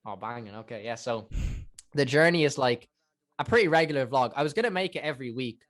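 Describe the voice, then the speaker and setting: A man's voice: medium pitch, quick pace, no room sound. A young man in his twenties with an Irish accent, a podcast guest telling rambling stories and acting out what people said. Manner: animated, rambling, acts out quotes. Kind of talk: casual storytelling chat.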